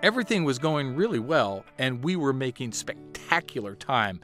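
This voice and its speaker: A man telling a first-person story in an animated, wry way. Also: medium pitch, normal speed, soft background music.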